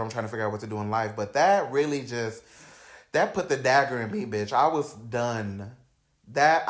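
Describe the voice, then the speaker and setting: A young man hosting a podcast, telling personal stories in a candid, slangy, dramatic way, dropping to low mutters and rising to loud outbursts. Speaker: podcast host. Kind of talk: candid storytelling chat. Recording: roomy echoey room.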